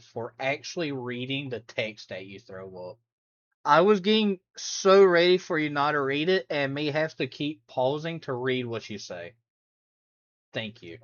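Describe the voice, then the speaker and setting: A man's voice: medium pitch, fairly bright tone, highs cut off. A man chatting casually on a live stream while reacting to videos, rambling, laughing and humming along.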